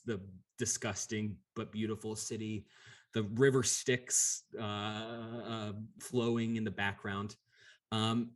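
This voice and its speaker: A man running a tabletop game, describing scenes in a relaxed way with many fillers. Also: medium pitch. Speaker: game master.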